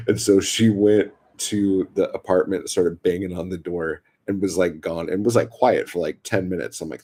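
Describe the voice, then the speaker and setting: Low, gravelly man with lively speech. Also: normal speed, hardly any pauses. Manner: profane, rambling, filler-heavy. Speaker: livestream host. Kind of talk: casual storytelling livestream.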